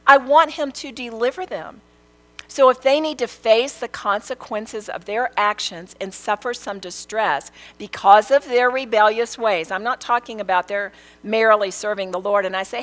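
A woman's voice: mid-range voice, moderate pace, rough recording. A middle-aged woman, teaching a sermon with earnest storytelling. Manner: earnest, storytelling, lively quoted prayers. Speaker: Bible teacher.

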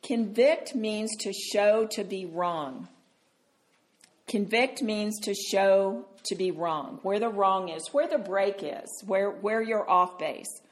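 A woman teaching a Bible study to a group, animated and tender, calling listeners sweetheart. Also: mid-range voice, slow.

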